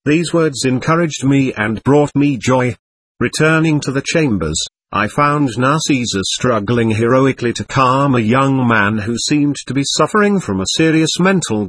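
A man narrating a story in the first person in an earnest, measured way. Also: mid-range voice, a bit bright, no echo. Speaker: audiobook narrator.

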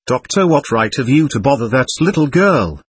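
A man's voice: medium pitch, big pitch swings, normal speed, slightly rough. A man reading the part of a doctor who questions spirits in a firm, patient manner, in an audiobook. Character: calm, firm male doctor guiding spirits.

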